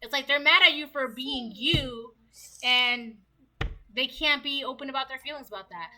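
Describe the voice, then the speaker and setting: Bright-voiced woman giving a chatty tarot reading. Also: high-pitched, moderate pace, low-quality recording. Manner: chatty, repetitive, rhetorical questions. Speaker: tarot reader. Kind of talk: casual tarot reading to viewers.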